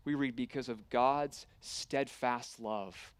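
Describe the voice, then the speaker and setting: A man preaching a sermon, retelling a scripture story with earnest, dramatic pauses and reading scripture aloud. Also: medium pitch, steady tone, clean tone, no room sound.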